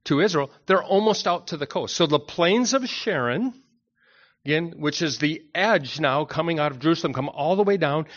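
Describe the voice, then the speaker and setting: A pastor delivers an expository sermon in a relaxed, conversational way, talking straight to the congregation. His voice sits a little high for a man. The recording is dull and lo-fi. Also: normal speed. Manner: conversational, anecdotal, addresses the congregation directly. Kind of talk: expository Bible teaching sermon.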